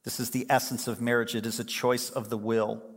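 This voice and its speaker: A man's voice: medium pitch, little pitch movement, brisk, slightly rough. Man, older, pastor, joking sermon delivery, church reverb. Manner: conversational, humorous storytelling. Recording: long hall reverb.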